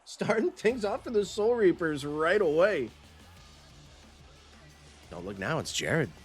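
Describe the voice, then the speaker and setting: A man doing esports play-by-play commentary, with rapid calls that jump up in pitch when goals go in. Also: big pitch swings, soft background music.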